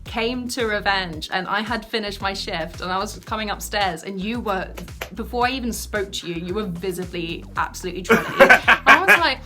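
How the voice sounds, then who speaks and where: A woman's voice: medium pitch, animated, normal speed, hardly any pauses, over music. A woman co-hosting a casual chat podcast, sassy and swearing, laughing often as she talks. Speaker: podcast co-host.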